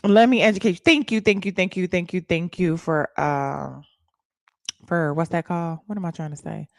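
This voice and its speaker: A woman hosting a casual livestream, talking to her viewers in a loud, playful, hyped way and swearing freely. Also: on the low side, normal speed, no room sound, clean studio sound. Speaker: livestream host.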